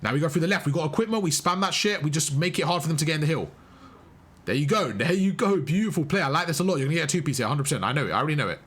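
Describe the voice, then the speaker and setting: A young man provides live coaching commentary during a match, repeating his instructions and praising the player emphatically. His voice is on the high side, animated, and a bit bright, and he races along.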